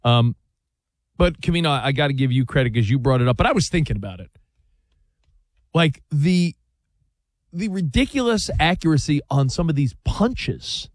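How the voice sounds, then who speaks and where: A man co-hosting a sports talk show, telling stories in a casual, animated way. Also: fairly high pitch, dry recording, clean studio sound. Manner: animated storytelling, quick back-and-forth. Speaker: sports radio co-host.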